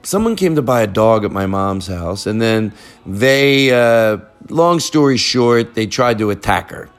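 A man's voice: on the low side, animated, measured pace. A man hosting a podcast, chatting casually and rambling with jokes and restarts, with family around him. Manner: rambling, jokey, self-interrupting. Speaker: podcast host.

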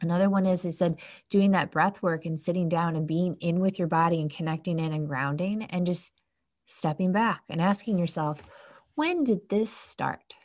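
A woman's voice: fairly low pitch, steady tone, moderate pace, darkish tone. A woman in her thirties giving casual self-help advice as a host, chatty and earnest, often acting out what people say to themselves. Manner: chatty, earnest, acts out inner voices. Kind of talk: casual motivational talk.

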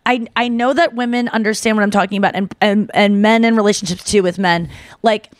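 A young adult woman hosting a podcast, telling a story casually and excitedly, with lots of "like" and acted-out quotes. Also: medium pitch, a little fast, no echo, studio quality. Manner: animated, excitable, heavy use of "like"; acts out quoted voices. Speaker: podcast host.

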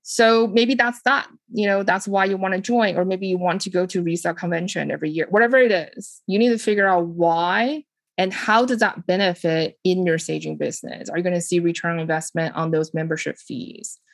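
A woman's voice: fairly low pitch, a little fast, dry recording. A woman hosting an advice podcast, talking casually and animatedly with frequent fillers and small grammar slips. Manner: lively, animated delivery with frequent "like" and "you know". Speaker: podcast host and home staging business owner. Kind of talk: casual advice podcast, answering listener questions.

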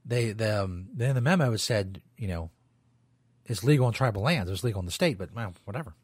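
A man's voice: lowish voice, lively intonation, brisk, darkish tone, husky, dry recording. A man hosting a talk radio show, rambling loosely and swearing as he comments. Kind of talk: casual talk radio monologue.

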